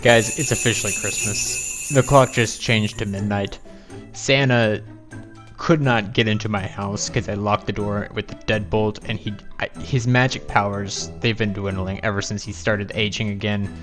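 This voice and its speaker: A man's voice: fairly low pitch, steady tone, moderate pace. Man, let's-play host, casual game commentary, exasperated, self-mocking, faint background music.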